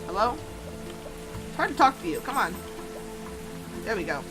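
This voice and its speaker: A young woman giving let's-play commentary, chatty and giggly with self-mocking asides. Her voice sits fairly high and swings a lot in pitch as she talks. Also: very animated, normal speed, creaky, pauses often, music in the background. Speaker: gamer.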